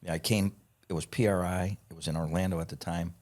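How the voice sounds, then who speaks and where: A man with a low, deep voice tells a rowdy story in a relaxed, casual way. His talk is full of profanity, and he acts out the lines of the people he quotes. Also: quick pace. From United States. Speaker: podcast guest.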